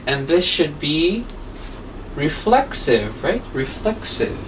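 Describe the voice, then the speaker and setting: A woman teaching English grammar online, unhurried and patient, checking in with her students often. Her voice sits a little back from the microphone. A faint noise runs underneath. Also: deep voice, big pitch swings. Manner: patient, explaining step by step, asks rhetorical questions. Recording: distant mic with faint background noise.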